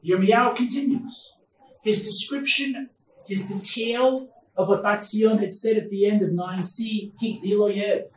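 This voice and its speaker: A rabbi giving a Bible lecture at a conference, emphatic, with loud stresses and quiet asides. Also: male voice, high voice, steady tone, unhurried. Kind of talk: Torah lecture. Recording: echoey hall, distant mic, faint noise.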